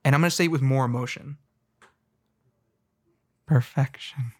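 A man ranting in a casual, comedic way, rambling and excitable with frequent stumbles and restarts. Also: mid-range voice, rapid-fire.

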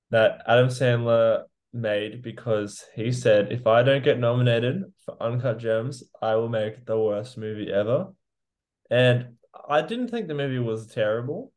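A man's voice: medium pitch, a little slow, a little mellow. A man co-hosting a casual movie podcast, easygoing and loose, filling his speech with "like" as he talks through his picks. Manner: easygoing, filler-heavy, says "like" constantly. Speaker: podcast co-host.

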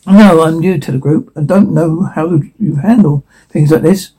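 A man doing comedic voice acting of several characters, swinging quickly between put-on voices with crude, profane humor. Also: fairly high pitch, warm tone, slightly rough, rough recording.

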